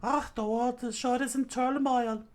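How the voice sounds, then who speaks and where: A man voicing a sharp-tongued young woman in a high falsetto while reading a comic aloud. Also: steady tone, unhurried. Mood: dry, grumbling.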